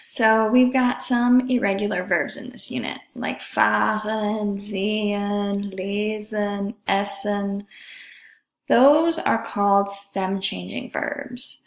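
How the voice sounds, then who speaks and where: Slow, gravelly-voiced woman teaching German grammar. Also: mid-range voice. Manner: slow, careful, drawn-out pronunciation of examples. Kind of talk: classroom grammar lesson. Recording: echoey room.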